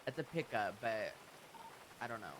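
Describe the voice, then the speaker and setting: A man's voice: medium pitch, animated, normal speed, a bit bright, a little hiss or hum, low-quality recording. A man in a police roleplay, bantering and teasing in a joking way.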